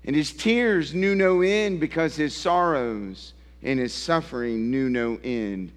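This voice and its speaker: Slow, emphatic preacher in a reverberant hall. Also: male voice, a little high. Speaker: pastor. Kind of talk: sermon.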